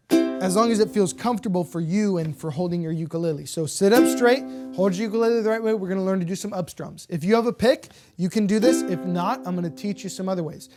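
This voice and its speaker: A woman's voice: mid-range voice, a little fast, loud music behind the voice. A woman teaching a beginner ukulele lesson, counting beats aloud and checking in patiently with her students. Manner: patient, encouraging, checks in with "okay?" often.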